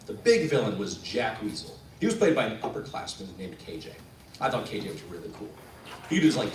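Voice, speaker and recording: Animated man telling a story live. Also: mid-range voice, slight background noise. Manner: animated, acts out the people in his story. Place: event room at a coffee house performance. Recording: roomy room, voice from a distance, faint ambience.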